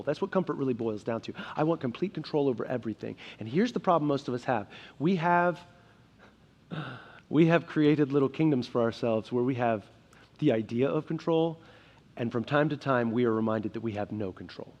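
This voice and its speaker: A young adult man preaching a sermon as pastor, earnest, shifting between quiet emphasis and loud, urgent passages. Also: mid-range voice, lively intonation, brisk, muffled recording. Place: church sanctuary.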